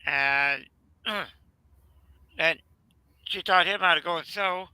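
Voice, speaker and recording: A man with a Southern US accent telling a rambling family story in casual chat, halting with fillers. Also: a little high, sharp tone, smooth, dry recording, low-quality recording. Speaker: channel host.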